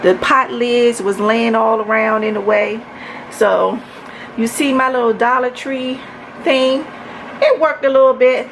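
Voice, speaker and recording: A woman's voice: on the high side, steady tone, a little slow, slight background noise. A woman from Maryland giving a chatty home tour of her kitchen, talking straight to her viewers as y'all. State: out of breath. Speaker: home organization vlogger. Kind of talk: casual home tour vlog.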